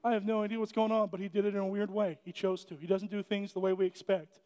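A man's voice: high-pitched, little pitch movement, quick pace, dark tone. A man preaching a casual sermon in a church, chatty and joking, often restarting his sentences. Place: church sanctuary. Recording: echoey church hall.

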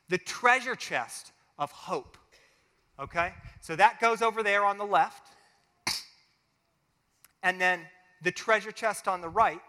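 Male pastor, high and bright, lively family sermon with acted-out voices, long church reverb. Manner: animated, acts out little quoted voices. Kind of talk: family sermon with closing prayer.

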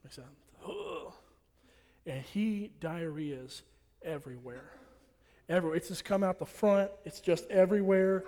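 A man's voice: high-pitched, normal speed, dark tone. A young man preaching a sermon in a church, blunt and repetitive, hammering his warnings home. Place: church hall. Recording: long hall reverb.

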